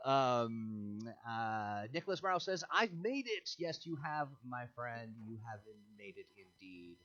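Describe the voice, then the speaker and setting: A man's voice: medium pitch, expressive, measured pace, a bit bright, lo-fi sound. A man hosting a casual livestream chat over a video call, reading viewer comments with playful jokes and frequent laughs. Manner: joking, laughs often, playful asides. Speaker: host and show producer.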